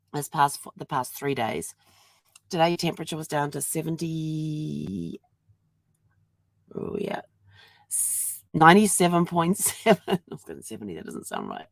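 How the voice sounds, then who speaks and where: A woman's voice: low voice, creaky, no echo. A middle-aged woman hosting a casual daily video diary while ill with a sore throat and congestion, talking around a throat lozenge, chatty and rambling, laughing at herself. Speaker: vlog host.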